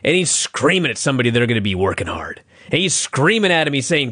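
A man's voice: sing-song, fast talker, fairly bright tone, breathy edge, dry recording. A man co-hosting a casual chat, ranting in exasperated, profane bursts. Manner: exasperated, profane, ranting with sudden high outbursts. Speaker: podcast co-host.

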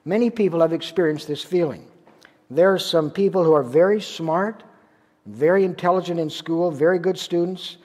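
A man's voice: high-pitched, normal speed, a little mellow. A man from Ontario, Canada, preaching a sermon as a pastor, telling a story in a conversational way with rhetorical questions. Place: church sanctuary. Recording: long church reverb.

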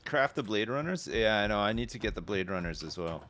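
British male streamer, sweary, dry sarcastic banter, lively swooping pitch. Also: brisk. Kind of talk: casual live game commentary.

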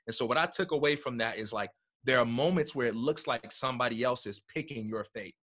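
A man talking as a guest in a casual conversation, animated and acting out quotes as he tells a story, heard over a video call. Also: mid-range voice. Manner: animated storyteller, acts out quotes, repeats words.

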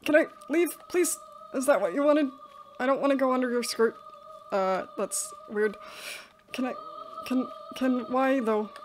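A woman's voice: high voice, measured pace, pauses often, background noise. A young woman commenting on a horror game as she plays, jittery and panicky, breaking into nervous laughter. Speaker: gaming video host. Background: game music.

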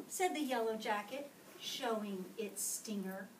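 A woman reading a picture book aloud to a kindergarten class, slowly and expressively, often checking in with the children. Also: a little high, a little hiss or hum. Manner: slow and expressive, asking the children questions. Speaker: storyteller. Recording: echoey classroom from far off.

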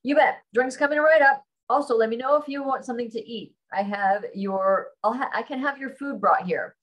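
A woman reading aloud, voicing a friendly male bartender who is brisk and helpful. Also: a little high, pitched above the performer's own voice, close to an everyday voice.

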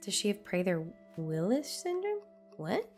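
A woman's voice: medium pitch, huge pitch swings, measured pace, a little mellow, faint music behind. Playful young woman gaming streamer. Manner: playful, silly voices, chatty reactions. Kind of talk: let's play commentary.

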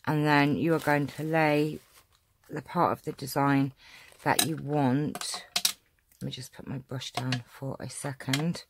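A woman from England hosts a homely craft tutorial, her voice pitched low and a little hoarse. She chats along easily with plenty of "um"s and throat clearing. A faint hiss of noise sits under the recording. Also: steady tone, a little slow. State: slightly hoarse, losing her voice. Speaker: craft channel host.

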